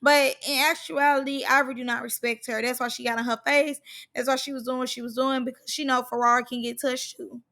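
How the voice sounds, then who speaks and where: Woman, reality show recap, casual slang, emphatic repetition, high pitched, bright tone. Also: flat delivery, a little fast, creaky. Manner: emphatic, slangy, repeats words for stress.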